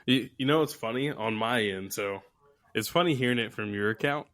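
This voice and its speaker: A podcast co-host with a mid-range, slightly bright voice chats casually at a brisk pace, easygoing and agreeable. The sound is clean studio audio with no room sound.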